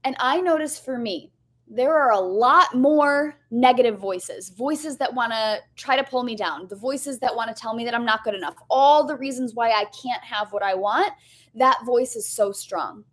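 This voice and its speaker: A woman's voice: a little high, normal speed, fairly bright tone. A young woman coach giving a candid, chatty motivational lesson, often asking "right?" and swearing casually. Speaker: life coach.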